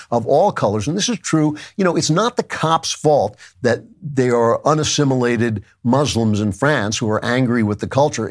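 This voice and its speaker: Emphatic man delivering opinionated commentary. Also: medium pitch. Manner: opinionated, emphatic, with asides and restarts. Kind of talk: monologue commentary.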